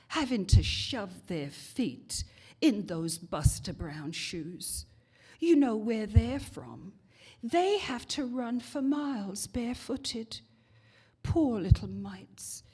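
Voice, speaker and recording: A woman's voice: fairly high pitch, a little mellow, breathy edge, voice pushed up, heavily acted. Woman putting on a pitying Cockney gossip.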